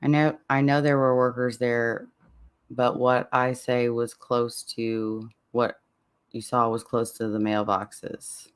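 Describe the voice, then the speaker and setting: A man's voice: medium pitch, level tone, slow pace, clear, resonant tone. A man hosting a true crime podcast, chatting loosely in a listener Q&A, often breaking off mid-sentence and laughing at himself. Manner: rambling, self-interrupting, laughs at himself. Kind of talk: casual Q&A chat with listeners.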